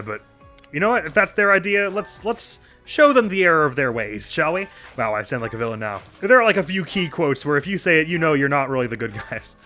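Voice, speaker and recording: A man's voice: fairly high pitch, bright, forceful tone. A man casually commenting on his own video game as a let's play host, thinking aloud with chatty, self-mocking asides.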